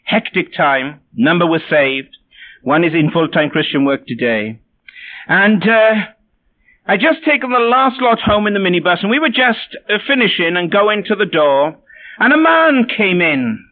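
Male preacher with a high voice, wry and self-mocking as he tells his stories, captured on a narrow, phone-like line. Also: lively intonation, unhurried. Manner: wry, self-deprecating storytelling. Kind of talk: sermon with personal anecdotes. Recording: tinny phone-like sound.

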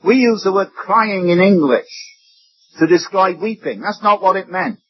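A man's voice: high voice, normal speed, a little hiss or hum. A man preaching a sermon, emphatic, his voice rising and dropping sharply for effect. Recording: dull lo-fi recording.

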